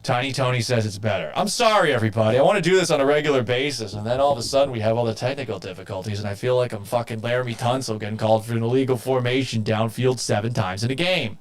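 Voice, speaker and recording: A man's voice: mid-range voice, fast, hardly any pauses. A man hosting a live sports talk stream, talking casually and reading out viewer comments, exasperated and swearing, and mocking himself. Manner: reads viewer comments aloud.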